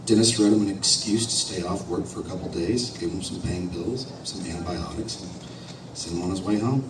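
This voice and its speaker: A man's voice: low voice, a little fast. A man telling a folksy, drawling story to a live audience. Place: live show venue. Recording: roomy hall, distant mic, noisy.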